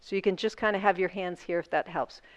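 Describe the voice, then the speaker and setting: A woman's voice: on the low side, fairly even intonation, quick pace, no room sound. A woman instructor guiding a seated yoga class, talking through each movement step by step in an encouraging way.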